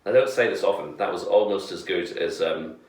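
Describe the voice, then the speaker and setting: A man's voice: low-pitched, a little fast. A man on a casual podcast, making dry, joking asides. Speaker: podcast co-host. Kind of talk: casual chat. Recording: echoey room, voice far from the mic.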